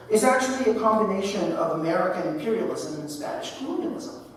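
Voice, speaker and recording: Animated man giving an echoey keynote. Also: fairly high pitch. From Philippines. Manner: animated storytelling with frequent "right?". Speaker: keynote speaker. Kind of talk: keynote speech. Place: large lecture hall. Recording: echoey hall from far off.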